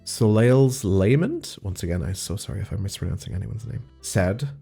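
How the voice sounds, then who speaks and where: Young man, deep mellow voice, slightly stuffy, gushing and rambling in a casual Q&A chat. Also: normal speed, creaky, husky, soft background music. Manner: rambling, excitable, lots of "like". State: slightly congested from allergies. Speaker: audio roleplay creator.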